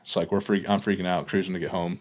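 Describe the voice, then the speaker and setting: A man, a podcast guest, recounting a painful memory in a halting way, full of fillers and restarts. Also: low voice, level tone. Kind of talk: candid podcast conversation.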